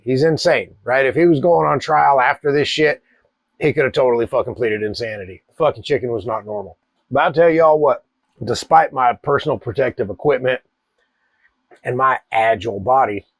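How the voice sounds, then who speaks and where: A man, telling a wild personal story in a profane, animated way. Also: mid-range voice, no echo. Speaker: cigar channel host. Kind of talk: casual storytelling.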